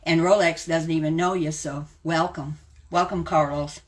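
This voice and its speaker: A woman's voice: sits low, steady tone, normal speed, a little hiss or hum. A woman in her seventies hosting a live stream, ranting bluntly and calling people out by name. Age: 70s.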